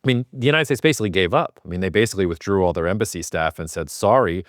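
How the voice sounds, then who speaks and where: A man's voice: low voice, lively intonation, rapid-fire, no echo, clean studio sound. A man co-hosting a podcast who debates casually and stammers on his sentence starts. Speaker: podcast co-host.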